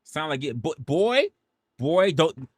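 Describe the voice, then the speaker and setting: A man's voice: on the high side, very animated, slow, breathy edge, no echo, studio quality. A young man from New City, ranting animatedly and jokingly on a livestream. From New York City. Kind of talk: casual livestream rant.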